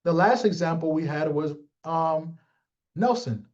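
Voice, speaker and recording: A man giving a motivational talk to his team, animated and streetwise, calling out listeners by name. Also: a little high, measured pace, dull audio. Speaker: team leader.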